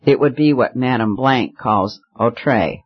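A man's voice: medium pitch, a little slow, breathy edge. A man voicing a spoiled, bored rich young woman who talks carelessly and with petulance, in a slightly muffled recording. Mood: petulant.

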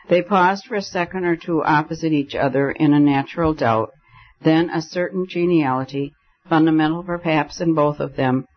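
A man reading a story aloud as audiobook narrator, in steady storytelling delivery. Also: fairly high pitch, lo-fi sound. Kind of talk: scripted narration.

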